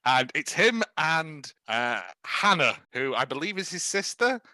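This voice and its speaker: A man's voice: on the high side, big pitch swings, measured pace, pushed and bright, no echo. A man co-hosting a podcast, telling a film's plot in a jokey, playful way. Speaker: podcast co-host. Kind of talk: casual chat reviewing a film.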